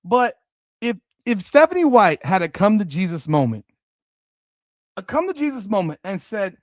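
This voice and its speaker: A man's voice: sits high, normal speed, no room sound, dull audio. A man hosting a live stream, reacting to a game with frequent exclamations and curses, repeating rhetorical questions to his chat. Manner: excitable, exclaims and curses at plays. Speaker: livestream host.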